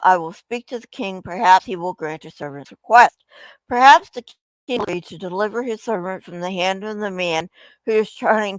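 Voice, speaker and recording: A woman's voice: medium pitch, no room sound, close to an everyday voice, low-quality recording. A woman reading as a pleading, humble widow.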